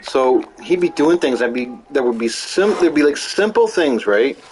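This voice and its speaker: A man's voice: medium pitch, animated, normal speed, background noise. A man streaming a game, chatting casually in a rambling, storytelling way and swearing freely. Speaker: gaming streamer. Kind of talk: casual chat while gaming. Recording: music playing behind voice. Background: game music.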